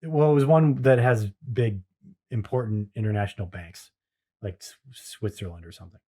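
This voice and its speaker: A man's voice: lowish voice, normal speed, dark tone. Man, podcast co-host, rambling storyteller, casual chat, lots of fillers. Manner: rambling, lots of "like" and "you know", laughs at his own story.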